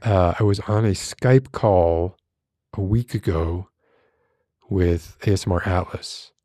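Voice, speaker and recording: A man with a smoky, gravelly voice chatting loosely on a livestream, often breaking off mid-sentence and swearing casually. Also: low-pitched, slow, warm tone, no room sound, clean studio sound. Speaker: streamer. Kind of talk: casual rambling livestream chat.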